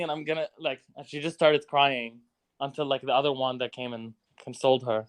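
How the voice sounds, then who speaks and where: A man's voice: mid-range voice, flat delivery, fairly quick. A man co-hosting a podcast, chatty and reflective as he weighs up a film. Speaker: podcast co-host. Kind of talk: casual movie review chat.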